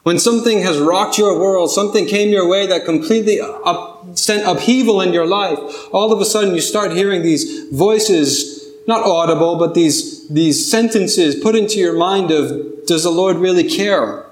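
A man's voice: high voice, normal speed. A man preaching a sermon, earnest and building to pleading intensity. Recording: echoey room.

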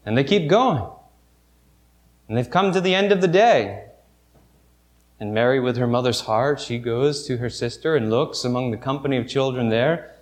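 A man preaching a sermon, retelling a Bible story vividly with halting restarts and soft asides. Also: medium pitch, lively intonation.

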